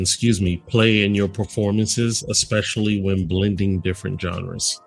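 A man hosting a podcast interview, asking measured questions and reading out questions from listeners. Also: fairly low pitch, steady tone, vocal fry, faint music behind. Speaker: podcast host.

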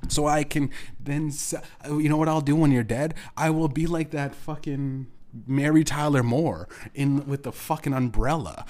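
A man's voice: a little high, moderate pace. Bitter, profane man ranting solo. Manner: profane, bitter, rambling with restarts; bursts into shouting. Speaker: podcast host. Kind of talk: angry solo rant.

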